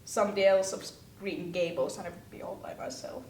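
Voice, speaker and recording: A woman's voice: level tone, brisk, dark tone, lightly acted. A young woman acting as a playful teenage best friend, giggling through wordplay. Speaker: actor in a vlog-style web series. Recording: roomy sound from a distant mic, faint rumble.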